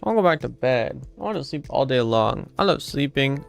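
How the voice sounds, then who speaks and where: A man streaming and chatting casually, excitable and prone to squeaky high yelps. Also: moderate pace, gravelly, few pauses, clean tone, soft background music.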